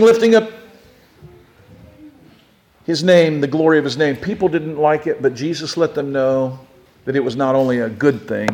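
A man preaching a sermon as pastor, animated, swinging from shouting to hushed tones and declaiming scripture aloud. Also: fairly high pitch.

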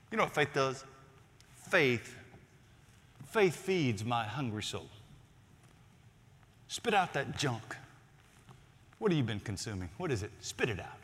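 A man preaching a sermon as a pastor, swinging between loud emphatic lines and near-whispered ones. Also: medium pitch, big pitch swings, unhurried, pauses often, slightly rough, long reverb tail.

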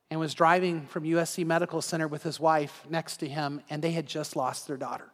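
A male pastor giving an evening sermon in a conversational way, acting out everyday scenes in quick quoted voices. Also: on the high side. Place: church sanctuary. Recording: long reverb of a large hall.

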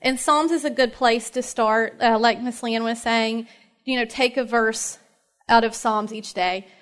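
A high, bright-pitched woman in her thirties from Tennessee, speaking with an East Tennessee Southern accent. She gives a personal faith talk to a room of mothers, chatty and heartfelt, dotting her sentences with "um" and quick laughs. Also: fairly even intonation, smooth. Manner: chatty and heartfelt, many fillers, laughs often. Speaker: speaker at a moms' ministry meeting.

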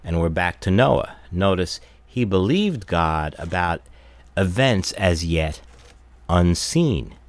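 Man, Bible teacher, very deep voice, lively intonation, steady explanatory delivery. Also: slow, no echo. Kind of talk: recorded Bible study talk.

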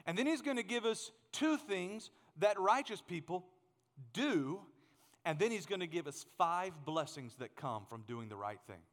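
A man in his thirties preaching a sermon as pastor, animated and joking, often repeating words as he gets going. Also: sits high, normal speed, in a large hall.

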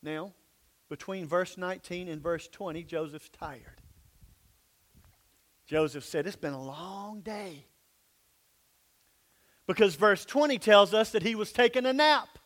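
A male pastor with a high speaking voice, preaching in a dramatic storytelling manner. He swings from bold emphasis down to hushed, near-whispered lines. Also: a little slow, pauses often. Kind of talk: sermon.

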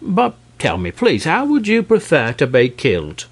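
A man putting on a prim gentleman dragon. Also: fairly high pitch, wildly swooping pitch, moderate pace, husky, voice pushed up, full character voice. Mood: chatty. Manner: prim, reproachful, pompously polite. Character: proud fussy old-fashioned gentleman dragon, male.

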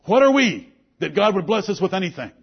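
Speaking a little fast and with great animation, a pastor delivers an emphatic sermon in a husky, high voice that swoops up and down. His King James scripture quotes carry a grave, old-style ring. The audio sounds dull and lo-fi.

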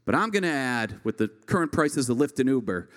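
A man in his thirties doing live stand-up, telling a rambling story full of fillers like "uh" and "like". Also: a little fast. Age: 30s. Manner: rambling, filler-heavy storytelling with animated pitch swings. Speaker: stand-up comedian.

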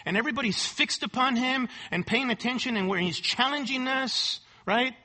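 A man's voice: very high-pitched, normal speed, bright, forceful tone. A man preaching an expository sermon at a church service. He talks emphatically, repeats key words and often asks "right?". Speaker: pastor.

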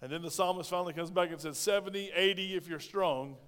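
A man preaching a sermon as pastor in a church, throwing in call-and-response asides and swinging between loud bursts and quiet remarks. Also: high-pitched, fast, clean tone. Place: church sanctuary. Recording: long reverb of a large hall.

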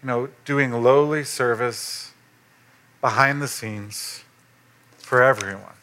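A man, a pastor, preaching a sermon in a conversational way and rising in pitch when he stresses a point. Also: slow pace. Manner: conversational preaching, animated rises for emphasis.

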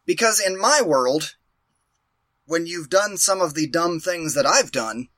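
A man's voice: a little high, expressive, a little slow, fairly bright tone, no room sound. A man telling a rambling, profane, self-mocking story in a casual chat.

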